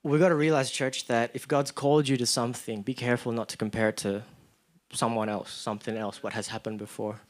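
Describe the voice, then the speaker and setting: A man's voice: mid-range voice, fairly quick. A young man preaching a sermon in a church, telling stories animatedly and acting out the voices of the people in them. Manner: animated storytelling, acts out voices. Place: church, live stream.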